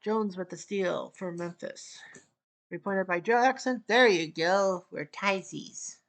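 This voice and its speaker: A woman from Canada calling a basketball video game in casual solo play-by-play, with clipped calls and wry asides. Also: medium pitch. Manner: clipped, rapid calls, wry asides, rising excitement near the end. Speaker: play-by-play commentator.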